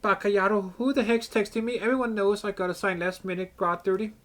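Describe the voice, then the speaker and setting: A man's voice: high-pitched, fairly even intonation, a little fast, fairly bright tone, pitched above the performer's own voice. A man voicing a grumpy male guard who complains about his shift, in a fan reading of game dialogue. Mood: grumbling. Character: grumbling male guard stuck on duty.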